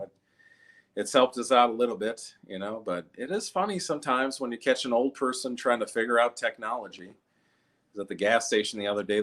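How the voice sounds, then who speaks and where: A man doing stand-up comedy, telling stories and acting out the voices of the people in them. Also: fairly low pitch. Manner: animated, acts out voices in his stories. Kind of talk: stand-up storytelling.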